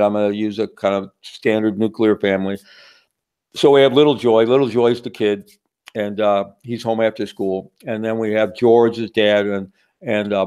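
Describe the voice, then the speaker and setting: A man's voice: on the low side, a little mellow, clear, resonant tone. A man giving a teaching talk in a conversational way, often checking in with the audience. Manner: conversational, asks the audience with a frequent "right?". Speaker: workshop speaker.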